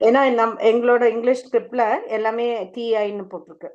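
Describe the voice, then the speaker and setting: A woman's voice: a little high, fairly even intonation, very fast, darkish tone. A woman, a student hesitantly asking her teacher a question during an online class. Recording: dull, lo-fi call audio.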